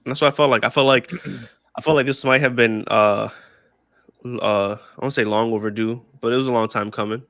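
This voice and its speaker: A man's voice: medium pitch, fairly even intonation, a little fast, fairly bright tone, no room sound, studio quality. A young man casually telling a story on a podcast, laughing often, swearing freely and repeating himself. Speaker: podcast co-host.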